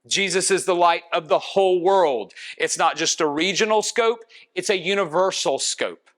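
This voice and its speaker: This high-voiced pastor, his tone a bit bright, gives an earnest sermon that climbs point by point. When a line matters, he slows and draws the words out for emphasis.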